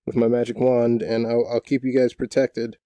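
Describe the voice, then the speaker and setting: A man's voice: mid-range voice, level tone, moderate pace, warm tone, no echo, lightly acted. A man voicing a cheerful female elf magic-user who promises to protect her friends.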